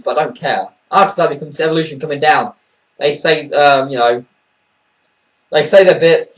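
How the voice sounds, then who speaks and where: A man with a slightly high voice delivers a casual, rambling review, blunt and dismissive, with frequent swearing and plenty of fillers. He sits a little back from the microphone, so his voice sounds somewhat distant. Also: a bit bright. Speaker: wrestling show reviewer.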